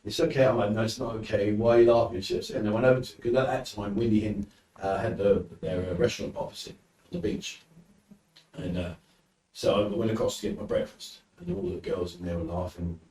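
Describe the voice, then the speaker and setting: A man's voice: fairly low pitch, fairly quick, recorded from a distance. A man from the UK with a British accent, telling anecdotes as a podcast guest and acting out quotes. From United Kingdom. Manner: animated anecdotes with acted quotes. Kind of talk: casual storytelling. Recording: roomy, from off mic, faint noise.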